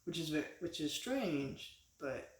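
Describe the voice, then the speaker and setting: A man's voice: a little high, lively intonation, takes it slowly, echoey room. A man giving a casual spoken review as a vlogger, rambling with many restarts and fillers.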